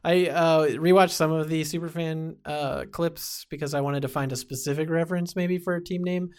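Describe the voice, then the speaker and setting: A man's voice: fairly high pitch, fairly even intonation, moderate pace, darkish tone, clean tone. A man co-hosting a fantasy football podcast in casual chat, rambling and amused.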